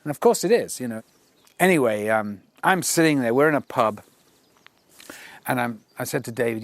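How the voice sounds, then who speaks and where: A man's voice: medium pitch, moderate pace, pauses often, no echo. An older man, telling an anecdote in an interview and acting out the voices he quotes. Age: 60s. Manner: animated raconteur who acts out quoted voices.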